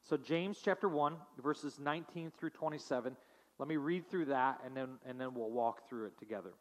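Man preaching in a reverberant hall. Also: medium pitch. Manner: reads scripture slowly, then preaches conversationally with fillers and repetitions. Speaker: pastor. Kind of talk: sermon.

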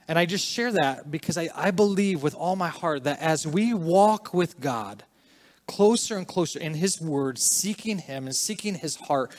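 A man preaching a sermon, earnest and emphatic in places, quieter and reflective in others. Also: a little high. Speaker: pastor.

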